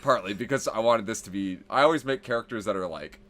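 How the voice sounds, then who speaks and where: A man's voice: on the low side, quick pace, a bit bright. A young man hosting a casual gaming podcast, laid-back and swearing casually as he tells a story. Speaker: podcast host.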